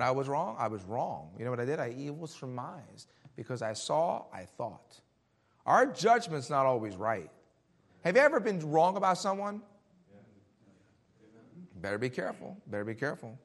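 A man preaching a sermon and reading scripture, throwing out rhetorical questions and swinging between loud emphasis and hushed warnings. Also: mid-range voice, very animated, moderate pace, creaky. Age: adult, Army veteran.

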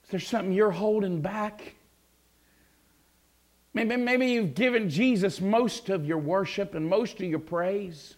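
A male preacher telling a Bible story, repeating words as he builds to fervent shouting. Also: high voice, a little slow. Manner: stammering repetitions, swelling into fervent shouts. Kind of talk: sermon.

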